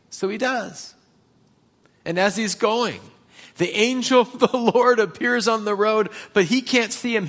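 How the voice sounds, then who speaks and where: A man's voice: fairly high pitch, fairly bright tone. A man preaching a sermon in a conversational storytelling way, acting out the people in his stories. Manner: conversational, storytelling, acts out quotes. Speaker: pastor.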